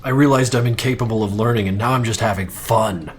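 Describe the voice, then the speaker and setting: A man's voice: fairly low pitch, brisk, slight background noise. A young man chatting casually on a livestream while he works, rambling, swearing freely and poking fun at himself. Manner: rambling, profane, self-mocking. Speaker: streamer animating on stream.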